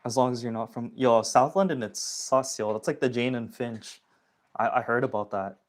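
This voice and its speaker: Young guy, casual phone livestream host, slangy, chatty, reads out chat, mid-pitched. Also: moderate pace. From Toronto area, Canada.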